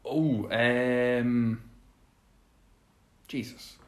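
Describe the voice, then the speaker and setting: A man's voice: mid-range voice, steady tone, drawn-out words. An Irish man hosting a casual podcast chat, rambling with lots of restarts and fillers. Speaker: podcast host. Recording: echoey room.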